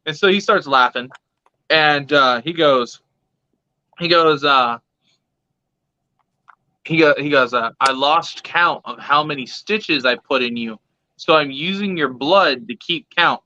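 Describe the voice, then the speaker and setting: Young guy, high bright voice, foul-mouthed and laughing as he tells a story on a dull, dry, lo-fi recording. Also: slow, pauses often, dry recording. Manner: profane, laughing, animated retelling with quoted voices. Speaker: pet vlogger. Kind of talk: casual storytelling. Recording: dull lo-fi sound.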